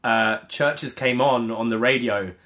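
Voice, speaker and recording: A man co-hosting a podcast, chatting in a relaxed, easy way. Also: mid-range voice, measured pace. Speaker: podcast co-host. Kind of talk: casual chat.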